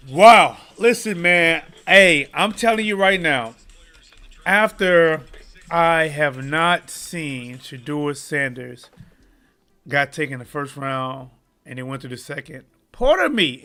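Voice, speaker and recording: Hosting a live sports commentary stream, a man addresses his viewers directly in a heated, impassioned way, choking up as he goes. His voice is a little high and bright, with a forceful tone.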